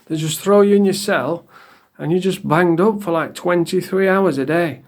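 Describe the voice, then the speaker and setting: A man's voice: sits high, normal speed. A man, a former prisoner telling stories in a blunt, sweary manner with dry humour. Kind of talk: casual storytelling to camera.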